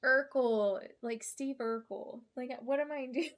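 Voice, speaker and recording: A woman's voice: sits high, a little slow. Chatty young woman streaming a game. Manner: chatty, thinking aloud. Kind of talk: let's play commentary.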